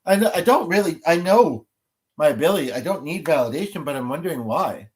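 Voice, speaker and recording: A man's voice: fairly high pitch, lively intonation, fairly quick. A man hosting a livestream, chatting casually with viewers, rambling and thinking aloud as he goes. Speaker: livestream host.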